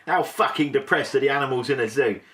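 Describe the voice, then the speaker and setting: A man's voice: medium pitch, quick pace, fairly bright tone, lightly acted. A man putting on the voice of a crude, swaggering geezer, sweary and half-laughing as he reads. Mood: cocky.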